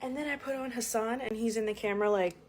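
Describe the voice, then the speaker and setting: A woman's voice: on the high side, fast talker. Brash New woman ranting. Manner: brash, profane, riffing asides. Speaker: TikTok comedian. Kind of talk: casual comedic rant to camera. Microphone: phone camera.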